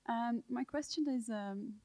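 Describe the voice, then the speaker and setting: A woman's voice: a little high, a little slow, warm tone, no echo. Russian woman asking a hesitant question. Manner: hesitant, many fillers. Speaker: audience member asking a question. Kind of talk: audience question at a talk.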